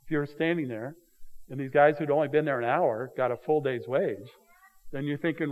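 A man's voice: medium pitch, normal speed, rough recording. A man preaching an expository sermon, explaining the text in a conversational way, with rhetorical questions to his listeners. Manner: paraphrases the text with lively emphasis. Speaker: pastor.

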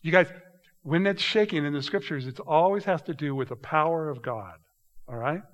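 A man preaching a sermon to a congregation, reading scripture aloud, calling them "you guys", and swinging between quiet, drawn-out asides and loud, emphatic passages. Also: fairly high pitch, highs cut off. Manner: addresses the congregation directly, often saying "you guys". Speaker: pastor.

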